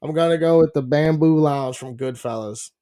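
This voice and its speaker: A man's voice: on the high side, normal speed, mellow, clean tone. A man co-hosting a podcast, telling rambling, profane stories and laughing often as he talks. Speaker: podcast co-host. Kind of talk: casual chat.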